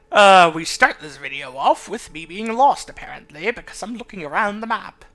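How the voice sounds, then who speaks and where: A man from the US South hosts a let's play, chatting casually and rambling from joke to joke. His voice is high-pitched and bright. He laughs often as he talks. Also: lively intonation, normal speed, hardly any pauses, soft background music. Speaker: gaming channel host.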